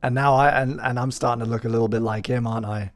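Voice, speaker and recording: A man's voice: medium pitch, fairly even intonation, fast talker, soft background music. A man in his thirties hosting a live stream, chatting casually with joking, self-deprecating asides. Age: 30s.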